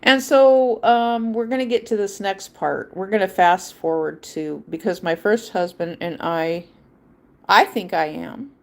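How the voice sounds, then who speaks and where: A livestream host with a medium-pitched voice, a little slow and with vocal fry, tells a personal story. Her casual monologue rambles and is emphatic, repeating points as she acts out quoted voices.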